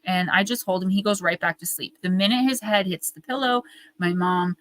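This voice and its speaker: Forties female guest, bright and dry, chatty storyteller full of fillers. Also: on the low side, no echo, poor audio. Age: 40s. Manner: animated, fast storytelling with many fillers. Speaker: guest medium and author. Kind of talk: casual storytelling interview.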